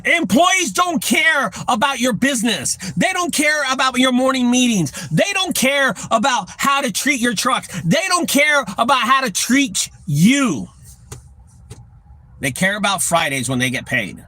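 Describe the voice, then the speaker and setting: A man's voice: extremely high pitch, very animated, unhurried, pushed and bright, no room sound. A man with a Texan accent who owns a junk removal business, lecturing other owners in a blunt, profane rant to camera. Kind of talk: ranting talk to camera.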